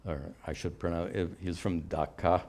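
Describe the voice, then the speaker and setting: A man's voice: sits low, little pitch movement, normal speed, darkish tone. An older man, a spiritual teacher, answering questions in a live teaching session in a patient, explanatory way with light humor.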